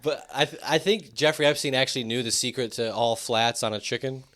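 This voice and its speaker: A man co-hosting a casual podcast chat, cracking dry deadpan jokes. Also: mid-range voice, brisk. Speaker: podcast co-host.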